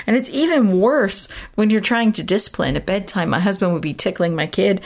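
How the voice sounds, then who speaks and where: A woman's voice: mid-range voice, fairly quick, few pauses, a little mellow. A woman hosting a parenting podcast, telling a personal story in an earnest, reflective way and laughing now and then. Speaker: podcast host.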